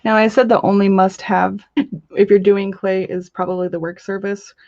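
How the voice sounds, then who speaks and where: A woman hosting a casual crafting livestream, chatting in a bubbly way with quick gushing asides while she demonstrates. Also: mid-range voice, level tone, a little mellow, no echo, dull audio. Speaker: crafting channel host. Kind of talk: casual live-stream chat with demos.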